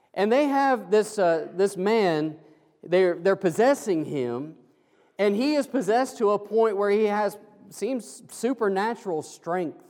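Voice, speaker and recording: A male pastor preaching a sermon, slowing into emphatic, pleading phrases. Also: high-pitched, a little mellow, in a large hall. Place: church sanctuary.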